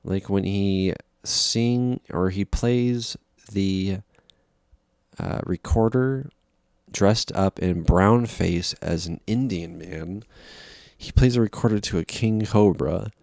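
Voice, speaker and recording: Slow, gravelly man rambling about a film. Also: lowish voice, a little mellow, no echo, studio quality. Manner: exasperated, profane, many restarts. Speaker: film reviewer. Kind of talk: casual rambling film review.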